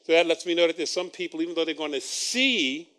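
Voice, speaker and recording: A man's voice: a little high, animated, fast, fairly bright tone. A man preaching a sermon, reading scripture and breaking in with wry asides and chuckles.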